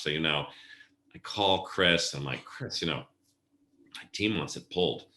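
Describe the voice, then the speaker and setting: A middle-aged event planner, appearing as a podcast guest, tells stories casually in an interview and acts out the voices of people he quotes. His voice rumbles low at a moderate pace. The recording has a roomy echo and a noisy background.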